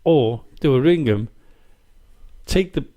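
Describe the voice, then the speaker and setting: A man's voice: mid-range voice, slow pace. A man hosting a podcast, telling an anecdote in casual chat and acting out what people said. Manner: animated anecdote-teller, acts out quoted voices, laughs easily. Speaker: podcast host. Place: studio.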